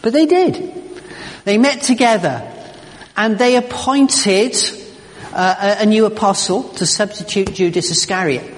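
A man's voice: high voice, unhurried. Man, pastor, sermon, emphatic, stumbling repeats, long echoing church reverb.

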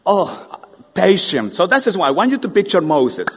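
Lively preacher guy, fairly high voice, asks the church lots of questions, long echo. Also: fast, slightly rough. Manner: animated, rhetorical questions to the congregation. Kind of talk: sermon. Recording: long hall reverb.

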